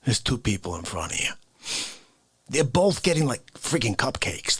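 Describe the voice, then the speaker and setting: A man hosting an unscripted comedy livestream, ranting with wild swings between whispers and shouts and frequent laughter. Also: mid-range voice, sing-song, normal speed, husky. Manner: wildly swinging delivery, dropping to whispers and bursting into shouts, laughing.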